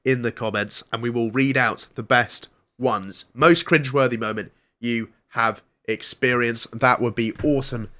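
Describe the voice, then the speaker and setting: A man's voice: mid-range voice, steady tone, moderate pace, hardly any pauses, bright, forceful tone. A man hosting a comedy radio show, reading mock news in a jokey newsreader manner. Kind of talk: comedic retro radio banter.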